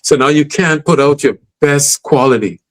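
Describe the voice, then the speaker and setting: A man's voice: a little high, moderate pace. A man in a casual podcast conversation, talking emphatically and often checking in with "you know what I mean?".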